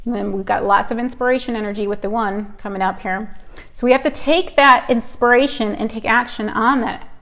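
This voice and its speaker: A woman's voice: fairly high pitch, steady tone, brisk, fairly bright tone. A woman hosting a spiritual live stream, telling stories and reading oracle cards in an upbeat, chatty way. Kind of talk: casual live stream chat and card reading.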